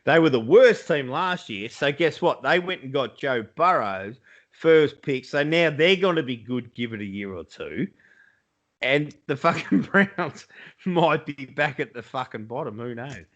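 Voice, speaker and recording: An Australian man co-hosts a laid-back podcast over a video call from his home in Iowa, cursing freely while talking sport in blokey banter. His voice is medium-pitched and expressive, a little slow, with a fairly bright tone.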